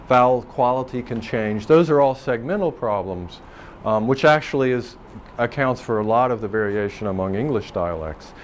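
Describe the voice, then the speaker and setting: A man's voice: mid-range voice, slight background noise. Rambling male professor lecturing a class. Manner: rambling and thoughtful, with frequent ums and restarts. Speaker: language professor.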